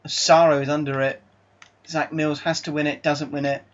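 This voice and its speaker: A man commentating live on his own football video game match, his voice sitting a little high for a man. He gets excitable and exasperated, then drops into calmer team talk. The mic sounds slightly dull and lo-fi. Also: normal speed. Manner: excitable, exasperated, swings between disbelief and calm team talk. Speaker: gaming YouTuber.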